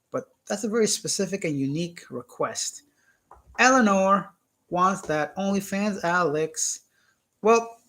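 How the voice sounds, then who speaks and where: A man's voice: sits high, a bit bright, husky. A young man from Canada hosting a casual live stream, reading viewer comments aloud and joking around. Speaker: YouTube channel host.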